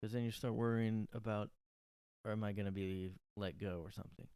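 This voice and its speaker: A man's voice: on the low side, steady tone, fairly quick, dark tone, clear, resonant tone, no echo, clean studio sound. A man hosting a solo podcast from his room, rambling and sarcastic with lots of fillers. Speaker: podcast host. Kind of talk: casual solo monologue.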